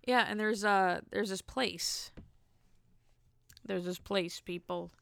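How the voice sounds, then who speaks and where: A woman's voice: mid-range voice, fairly even intonation, slow, vocal fry, a bit bright, clear, resonant tone. A young woman hosting a casual solo podcast, telling rambling, self-amused stories with jokey asides. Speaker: podcast host.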